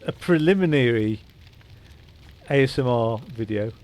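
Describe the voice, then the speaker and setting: A man's voice: mid-range voice, expressive, measured pace, darkish tone. A man giving casual, rambling commentary while playing a game, with lots of fillers and restarts. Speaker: gaming channel host. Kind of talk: casual let's-play commentary.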